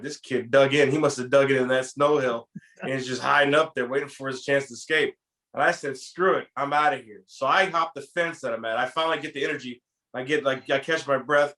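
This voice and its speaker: A man casually telling a story from his youth to a friend, animated and acting out the lines he quotes. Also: a little high. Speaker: podcast co-host telling a story.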